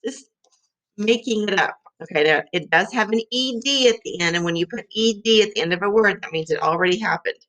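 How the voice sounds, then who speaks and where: A woman's voice: mid-range voice, brisk, fairly bright tone. A middle-aged woman teaching vocabulary to young children, sounding out letters and syllables.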